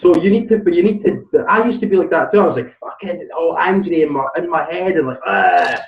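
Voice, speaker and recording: A man's voice: a little high, fast talker, reverberant, distant mic. Blunt male coach on a tinny phone line. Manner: blunt, swears, pushes with questions. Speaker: life coach. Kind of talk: coaching call.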